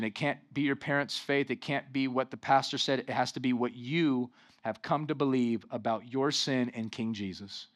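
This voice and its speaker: A man's voice: medium pitch, a bit bright. A pastor preaching a sermon, emphatic and calling out to his congregation for responses.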